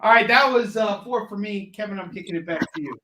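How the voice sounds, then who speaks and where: A man co-hosting a live comic shopping stream, pitching books and prices with playful drawn-out delivery. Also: pushed and bright, echoey room, poor audio. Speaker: co-host selling comics.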